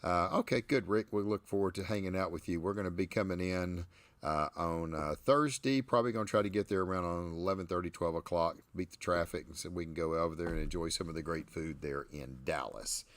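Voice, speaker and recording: A man's voice: deep voice, brisk, dry recording. Southern male host, joking and folksy, dry booth-like sound. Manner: folksy, joking, laughs often. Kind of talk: livestream podcast chat.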